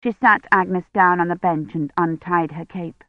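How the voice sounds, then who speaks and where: A woman narrating a novel in a calm, measured reading voice. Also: lowish voice, no echo. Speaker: audiobook narrator. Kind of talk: scripted narration. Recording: dry, tinny phone-like sound.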